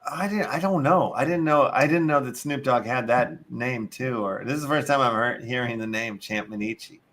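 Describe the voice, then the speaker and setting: A man's voice: mid-range voice, moderate pace, a bit bright. A man with a Chicago accent hosting a casual show, reading articles aloud, cursing and tripping over long words. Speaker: show host.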